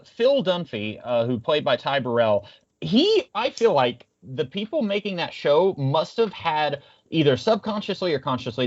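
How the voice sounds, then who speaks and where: A man talking casually on a podcast, rambling through his thoughts with plenty of fillers and false starts. His voice sits a touch high for a man. The audio is muffled and lo-fi. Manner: rambling, lots of fillers and restarts. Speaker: podcast co-host. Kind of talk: casual chat.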